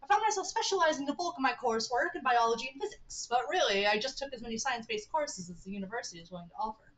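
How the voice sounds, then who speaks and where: A woman's voice: fairly high pitch, animated, very fast, a bit bright. A woman voicing an awkward, eccentric middle-aged male scientist in a put-on Southern drawl, earnest and rambling. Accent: American Southern, put on.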